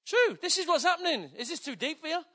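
An older man preaching a sermon, emphatic, swinging between loud declarations and hushed, low passages. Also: lively intonation, fast.

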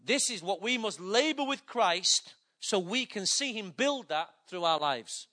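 High, bright-voiced older male preacher. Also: sing-song, measured pace, hardly any pauses. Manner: emphatic, swings between loud and hushed. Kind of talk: sermon.

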